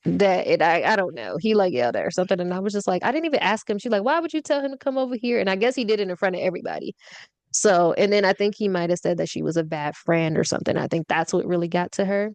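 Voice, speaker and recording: A woman's voice: lowish voice, fast, dry recording. A young woman hosting a podcast, telling a story in casual chat, acting out quoted lines and laughing often. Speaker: podcast host.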